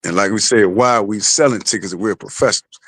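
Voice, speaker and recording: A man's voice: on the low side, fast talker, a bit bright, slightly rough, no echo. A man, the father of a boxer, telling a story in blunt, profane casual podcast talk.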